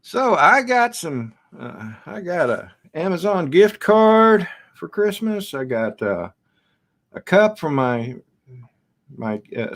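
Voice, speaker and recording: A middle-aged man hosting a casual live stream from home, rambling and chatting back to viewer comments in front of his camera. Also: a little high. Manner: slow, rambling, reads out and answers viewer comments. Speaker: livestream host.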